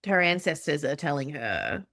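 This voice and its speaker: A woman's voice: low-pitched, big pitch swings, normal speed, fairly bright tone, no room sound, clean studio sound. A woman with an Australian accent hosting a podcast, talking casually and poking fun at herself, now and then swearing offhandedly. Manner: chatty and self-mocking, swears casually. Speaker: podcast host.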